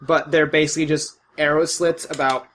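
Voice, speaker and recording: Man running a tabletop game, slightly high voice, joking and relaxed, faint hiss. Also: a little fast, low-quality recording. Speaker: game master.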